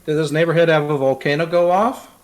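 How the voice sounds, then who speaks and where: A man's voice: on the high side, fast. A man chatting on a game stream, teasing and cooing affectionate pet talk. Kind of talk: casual stream chat.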